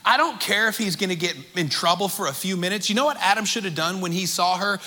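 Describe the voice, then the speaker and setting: A male preacher with a high, sharp, bright voice, preaching energetically and chatting with his congregation through rhetorical questions. His voice carries the long reverb of a large church hall. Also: quick pace. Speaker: pastor. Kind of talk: sermon.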